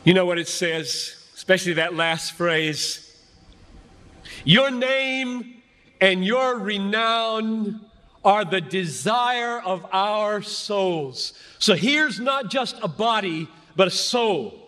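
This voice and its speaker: An older man preaches with a high voice, slow and deliberate, stacking phrase on phrase with fervent conviction. His words ring out through a large hall with a long reverb trailing behind them. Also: expressive, sharp tone. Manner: earnest, building repetition, fervent. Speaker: pastor. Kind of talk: sermon.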